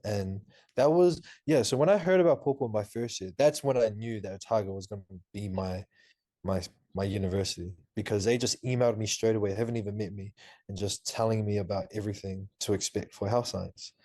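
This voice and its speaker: Low-voiced young man telling a lively story. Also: brisk, no room sound, studio quality. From Auckland, New Zealand. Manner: animated, laughing storyteller with many fillers. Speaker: podcast guest, university student. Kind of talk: casual interview talk.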